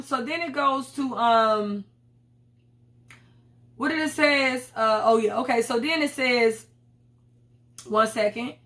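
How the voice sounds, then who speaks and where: A woman's voice: high-pitched, pushed and bright. Blunt, profane woman vlogger. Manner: blunt and profane, loose slangy chat. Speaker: reality TV reviewer. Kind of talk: casual commentary vlog.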